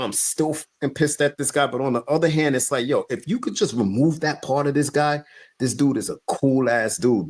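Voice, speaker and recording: Rambling slangy man. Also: medium pitch. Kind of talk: casual chat.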